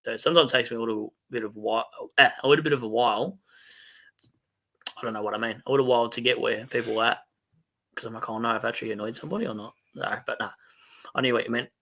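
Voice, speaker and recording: A man's voice: mid-range voice, steady tone, fast talker, a bit bright. An Australian man hosting a casual late-night livestream, reading viewer comments aloud in a rambling, chatty way and laughing at himself. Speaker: fantasy football stream host.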